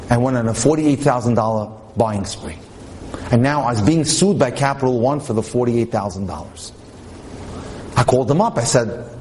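A man's voice: medium pitch, darkish tone. Male religious lecturer, mid-range voice, tells stories and translates from Hebrew. Slight background noise. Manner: storytelling, translating Hebrew quotes into English; mixes Hebrew terms into English speech. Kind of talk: inspirational Torah talk.

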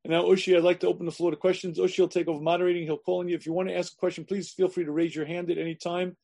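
Emphatic rabbi with a high, mellow voice. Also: male voice, level tone, rapid-fire. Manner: emphatic, repeats phrases, clears throat often. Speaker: rabbi giving a lecture. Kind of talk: sermon-style lecture.

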